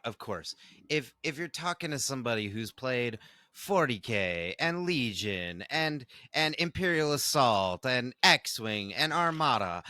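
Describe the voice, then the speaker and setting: A man co-hosting a podcast in casual chat, animated and laughing often. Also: on the low side, dry recording, clean studio sound. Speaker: podcast co-host.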